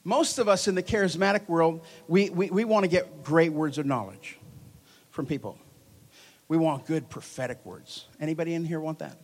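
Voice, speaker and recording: Animated male preacher, lively and joking. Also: on the high side, moderate pace. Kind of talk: charismatic sermon. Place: church hall before a congregation.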